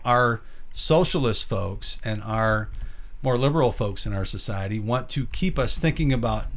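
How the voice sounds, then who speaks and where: A man co-hosting a Christian talk show, rambling through opinions and tagging points with rhetorical questions. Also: mid-range voice. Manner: rambling, rhetorical "right?" tags. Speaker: podcast co-host. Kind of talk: conversational Christian commentary.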